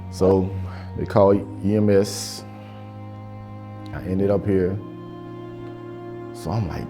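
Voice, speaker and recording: A man with a fairly low voice tells stories on stage in loose, profane slang. His delivery is conversational and unhurried. Faint music sits underneath. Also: fairly even intonation. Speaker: stand-up comedian. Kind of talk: stand-up storytelling. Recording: live show with audience laughter.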